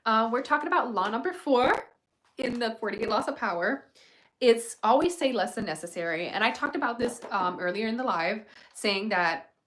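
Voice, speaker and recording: A woman's voice: fairly high pitch, lively intonation, normal speed, fairly bright tone, slight background noise, low-quality recording. A young woman hosting a casual livestream, talking through advice with many fillers and asides to her viewers. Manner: chatty, filler-heavy, frank advice. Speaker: livestream host.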